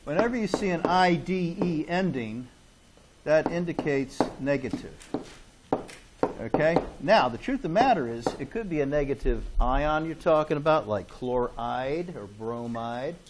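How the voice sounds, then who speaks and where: A man's voice: a little high, animated, a little slow, noisy background. A man lecturing a chemistry class in a classroom, chatty and joking, often checking in with "okay?". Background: students in class.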